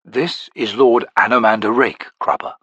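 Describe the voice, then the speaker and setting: A man's voice: medium pitch, fairly even intonation, normal speed, a bit bright, husky, no echo, muffled recording. A male narrator voicing a polite male alchemist who speaks with careful courtesy in an audiobook. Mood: courteous. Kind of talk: audiobook character voice.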